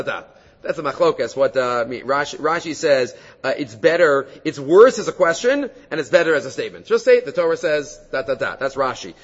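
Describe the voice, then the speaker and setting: A man teaching a Talmud study class. He reads the text in Hebrew and Aramaic, then explains it step by step in an animated way. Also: on the high side, husky. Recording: dull lo-fi audio in a long-reverb room.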